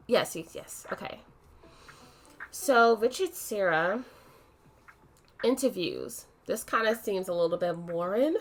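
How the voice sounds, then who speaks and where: A woman giving casual, excitable commentary while playing a cozy video game, talking to herself with lots of "okay"s. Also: mid-range voice. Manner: chatty, excitable, many "okay"s. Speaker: let's play host. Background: soft game music.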